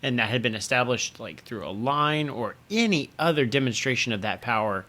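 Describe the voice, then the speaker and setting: A man's voice: mid-range voice, expressive, a little fast, pushed and bright. A man co-hosting a casual comics podcast, critiquing the story in an emphatic, complaining way. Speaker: podcast co-host.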